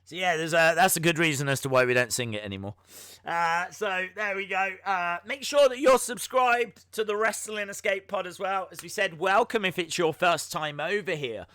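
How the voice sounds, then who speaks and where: Casual male stream host, slightly high voice, bright and forceful, self-mocking and filler-heavy. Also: normal speed, no room sound. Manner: chatty and self-mocking, with many filler words. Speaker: wrestling podcast host. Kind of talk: casual live-stream chat.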